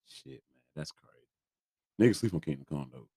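Low-voiced congested man reviewing albums. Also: expressive, fairly quick, warm tone, husky. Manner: laid-back slang, trailing off. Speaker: podcast co-host. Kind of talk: casual album review chat.

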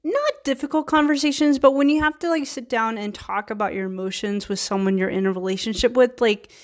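A woman's voice: fairly high pitch, brisk. A woman in her thirties, from Virginia, hosting her own podcast and talking casually with many fillers and restarts. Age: 30s. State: a little tired. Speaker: podcast host. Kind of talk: casual solo talk.

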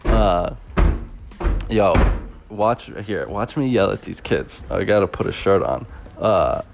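A man's voice: low-pitched, animated, slow pace, creaky, background noise. A young man hosting a podcast, telling stories from his teaching job in a rambling, laughing way, full of fillers. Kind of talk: casual storytelling podcast.

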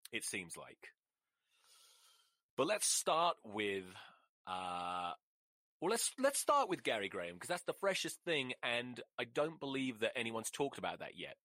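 An exasperated man ranting through a casual solo podcast, rambling and swearing as he goes. His pitch jumps around a lot. The sound is close and dry, with no room echo. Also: sing-song, unhurried, pushed and bright. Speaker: podcast host.

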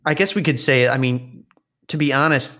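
A man's voice: medium pitch, normal speed, bright, forceful tone. A man co-hosting a podcast in casual chat, laid-back with dry quips. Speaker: podcast co-host.

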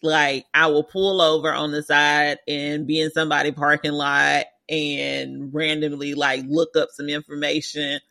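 A woman with a notably low voice co-hosts a casual podcast. She jumps in eagerly with questions and asides, recorded in a dry, close room. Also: gravelly, dry recording. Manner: animated, quick to jump in and question. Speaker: podcast co-host. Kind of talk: casual chat.

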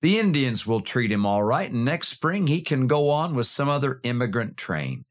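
A man doing a gruff old mountain man. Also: mid-range voice, big pitch swings, normal speed, lightly acted. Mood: insistent. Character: blunt older male mountain man.

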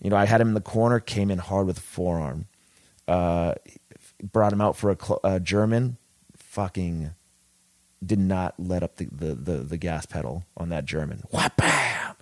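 Man, low voice, rambling profane storyteller, dry close mic. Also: moderate pace, darkish tone, no room sound. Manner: rambling, profane, many restarts. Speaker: wrestler telling a story. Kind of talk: casual podcast storytelling.

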